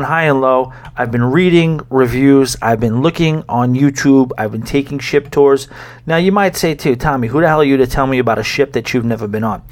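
A man talks through his podcast in a loose, rambling way, voice sitting in a middle range. He drifts off topic and works himself up into joking rants. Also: medium pitch. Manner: chatty, rambling, gets fired up with mock rants. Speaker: podcast host. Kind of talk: casual solo podcast talk.

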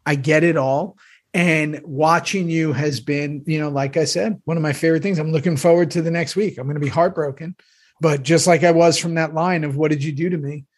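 A man with a slightly raised pitch talks in a casual, rambling way. He gushes and restarts his thoughts often, piling up fillers as he goes. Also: steady tone, brisk. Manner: rambling, warm and effusive, many restarts. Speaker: actor reminiscing with former castmates. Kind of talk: casual chat.

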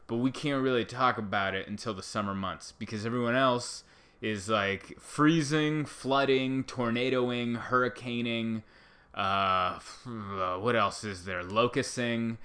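A man with a bright, crisp voice rambles through a casual solo show, recorded at home on a laptop mic. He keeps slipping into sarcastic, self-mocking asides. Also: mid-range voice. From Southern California. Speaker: podcast host. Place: living room at home. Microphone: microphone into a laptop.

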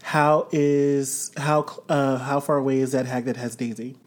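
A player in a tabletop game, chatty and halting, often restarting sentences. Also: mid-range voice, level tone.

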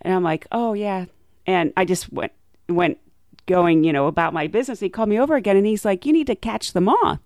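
A young woman flight attendant telling stories in a chatty way, laughing often and acting out quotes in a higher voice. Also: a little fast, a little mellow, dry recording, clean studio sound. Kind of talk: casual storytelling monologue.

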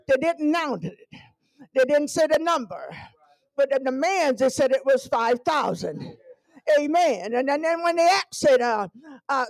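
A middle-aged woman evangelist preaching a sermon in a church, shouting and whooping in a sing-song rhythm. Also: high-pitched, dry recording, rough recording.

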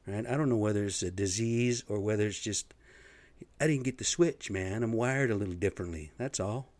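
A man's voice: fairly low pitch, a little fast, a little mellow, no echo. A middle-aged man talking in a blunt, profane, rambling monologue, getting worked up as he goes. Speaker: vlogger.

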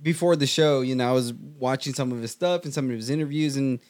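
A man's voice: medium pitch, quick pace, a little mellow. A man co-hosting a podcast in casual chat, slangy and agreeable, calling people bro. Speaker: podcast co-host.

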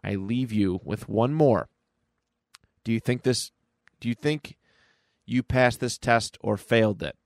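A man reading the lines of a mysterious male spirit eye from a comic, posing slow, teasing riddles. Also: mid-range voice, creaky, a little mellow, dry recording, studio quality. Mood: riddling.

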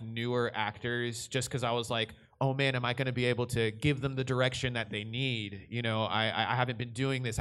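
A young man speaking at a mid-range pitch, answering an audience question on a convention panel. He talks casually and rambles, circling back and restarting his sentences as he goes. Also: a bit bright. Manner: rambling, with frequent restarts and laughs.

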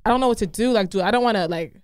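A woman casually telling a story among friends, animated, slangy and blunt. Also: mid-range voice, rapid-fire, no room sound, clean studio sound.

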